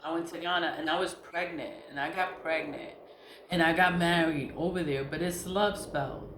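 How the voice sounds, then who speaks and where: A woman in her forties, a nonprofit founder, talking candidly and rambling in a casual vlog, swearing freely, her voice going hoarse. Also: low-pitched, fairly even intonation, normal speed, noisy background. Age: 40s. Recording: roomy echo, faint ambience.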